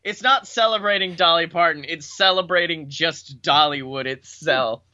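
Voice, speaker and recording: A man co-hosting a casual comedic podcast chat, laughing often and riffing quickly on silly ideas. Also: a little high, bright, forceful tone, highs cut off. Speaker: podcast co-host.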